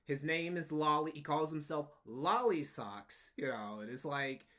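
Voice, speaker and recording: A man's voice: on the high side, unhurried, a bit bright. A man streaming live, giving casual, profane, mocking commentary and repeating points for emphasis. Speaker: streamer reacting to clips.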